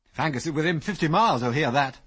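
A man voicing an excitable young airman who blurts out eager, breathless exclamations. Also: on the high side, fast, breathy edge, pitched above the performer's own voice. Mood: awestruck.

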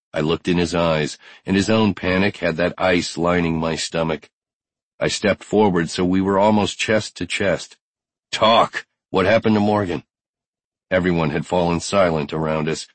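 A man's voice: deep voice, dry recording. A man narrating a first-person audiobook with tense, driven storytelling.

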